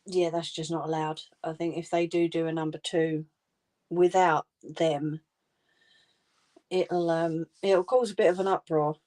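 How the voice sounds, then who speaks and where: A woman hosts a crafting livestream from home in a slightly low voice. She chats casually and informally with viewers and laughs often. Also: little pitch movement, measured pace, darkish tone.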